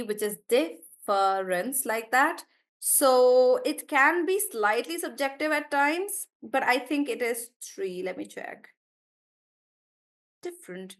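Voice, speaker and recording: A young woman with a fairly high, slightly bright voice teaches a live online class. She thinks aloud while checking words and encourages her students as she coaches them on syllables.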